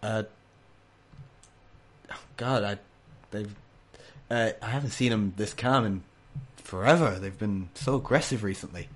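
Flustered male dog trainer, lowish voice, tripping over words, voiced by a man. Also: measured pace, long pauses, breathy edge.

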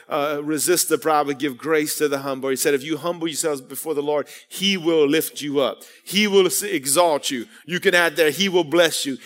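A fairly high-voiced male pastor preaches an earnest sermon, mixing stories with calls to the congregation. His voice rings through a church hall with a long reverb tail. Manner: earnest preaching with storytelling and call-outs. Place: church sanctuary.

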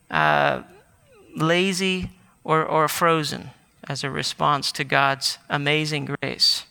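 A man's voice: high-pitched, gravelly, bright, forceful tone, clear, resonant tone. A man preaching a sermon as pastor, earnest and given to self-corrections and restarts, then leading a prayer. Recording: long hall reverb.

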